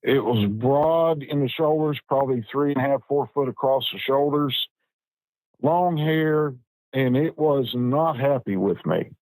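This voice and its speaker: A plainspoken man, speaking at a middle pitch in a folksy, unhurried telling. His sentences come in short, halting pieces. The sound is dry and close. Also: a little mellow, dry recording, poor audio. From West Virginia. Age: 50s. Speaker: Bigfoot researcher guest. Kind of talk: personal storytelling.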